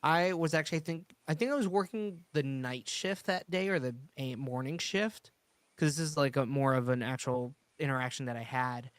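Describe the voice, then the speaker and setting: A man's voice: mid-range voice, normal speed, clear, resonant tone, no echo. A man chatting casually on a podcast, rambling through a work story with many restarts. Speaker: podcast host. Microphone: streaming studio mic.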